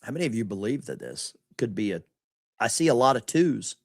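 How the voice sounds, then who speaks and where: Mocking live-stream host, lively pitch. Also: male voice, brisk, no room sound, clean studio sound. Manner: mocking, talks to the chat. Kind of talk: casual live-stream commentary.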